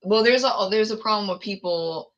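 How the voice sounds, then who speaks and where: A woman's voice: medium pitch, normal speed, muffled recording. A woman hosting a casual livestream chat, talking candidly and laughing often. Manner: candid, laughs often, acts out quoted exchanges. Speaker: livestream host.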